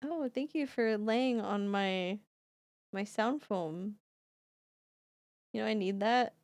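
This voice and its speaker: A woman streamer talks to her cat in soft, affectionate baby talk and drops the odd swear word. Her delivery is slow and unhurried with a gravelly fry. The sound is dry and close, from a desk mic in a home setup with sound foam. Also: medium pitch, no echo. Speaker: streamer and singer. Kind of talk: casual live-stream chat.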